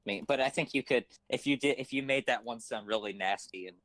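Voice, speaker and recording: A man's voice: medium pitch, brisk, fairly bright tone, no room sound, rough recording. A man directing a voice actor, talking casually on his phone, rambling and hesitant with many fillers. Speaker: writer and director.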